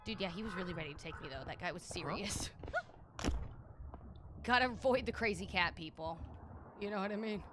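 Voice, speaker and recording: A woman streamer narrating her gameplay live and chatting with viewers, her voice swooping all over the place as she playfully yells at the game's characters. The live-stream audio carries a clear layer of background noise. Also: mid-range voice, expressive, normal speed, long pauses.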